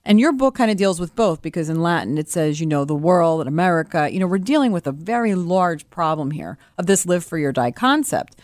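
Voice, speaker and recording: A woman's voice: on the low side, lively intonation, brisk, hardly any pauses, darkish tone, no echo. A woman co-hosting a radio show, speaking earnestly and at length with many fillers. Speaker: radio show producer and co-host. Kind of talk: casual radio chat.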